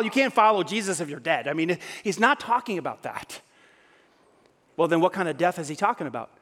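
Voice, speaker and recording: A man's voice: sits high, very animated, moderate pace, a bit bright. A male pastor preaching a sermon, firing rhetorical questions at his congregation. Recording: long hall reverb.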